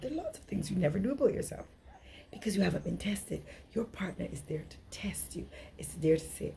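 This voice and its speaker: A woman's voice: lowish voice, gravelly, dark tone, a little hiss or hum. A middle-aged woman giving an earnest, emphatic relationship workshop talk, often acting out dialogue. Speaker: relationship coach.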